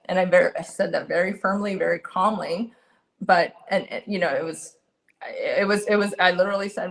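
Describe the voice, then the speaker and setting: A middle-aged woman giving a candid personal testimony as an interview guest, earnest and halting with frequent restarts. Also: fairly low pitch, steady tone, gravelly.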